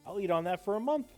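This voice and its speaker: A man chatting casually while streaming a game, rambling and swearing, with faint game music behind him. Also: sits high. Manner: rambling, profane, excitable. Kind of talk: casual chat while gaming.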